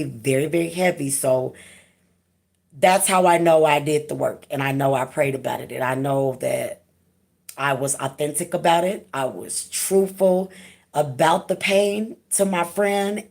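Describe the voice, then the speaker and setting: A woman with a low, gravelly voice hosts her own vlog, speaking candidly about her own experiences. She talks frankly and with emphasis, loose and casual, with the odd curse word. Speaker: channel host. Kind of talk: candid personal vlog talk.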